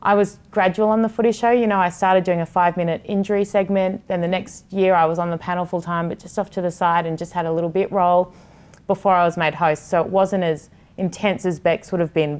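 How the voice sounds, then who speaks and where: A woman in her thirties who hosts a TV sports show appears as a guest on a casual podcast, her voice somewhat low and mellow. She speaks candidly and passionately, swearing freely.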